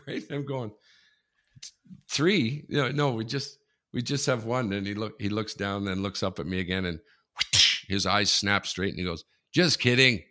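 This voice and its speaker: Animated Canadian man telling stories. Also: lowish voice. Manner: animated storyteller, laughs through anecdotes. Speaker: podcast co-host. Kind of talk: casual chat, storytelling.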